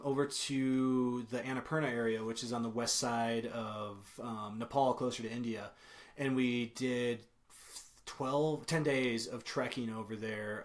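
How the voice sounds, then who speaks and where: A young man as a podcast guest, telling a travel story in a casual, rambling way, full of ums, self-corrections and small chuckles. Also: mid-range voice. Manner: chuckles while telling stories.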